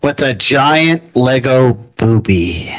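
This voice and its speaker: A man reading a chat message aloud in a put-on deep, seductive voice, laughing through it. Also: lively intonation, slow, poor audio. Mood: mock-sultry. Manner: breaking into laughter while reading.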